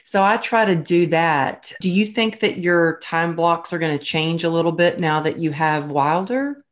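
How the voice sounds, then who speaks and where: A woman's voice: on the low side, normal speed. A middle-aged woman hosting a podcast, chatty and affirming, gushing over her guest's habits. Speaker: podcast host. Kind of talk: casual chat.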